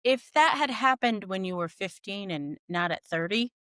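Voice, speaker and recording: A woman's voice: mid-range voice, animated, normal speed, bright, forceful tone, clean tone, no echo. A woman hosting a podcast interview, asking questions and giving short supportive affirmations. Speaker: podcast host.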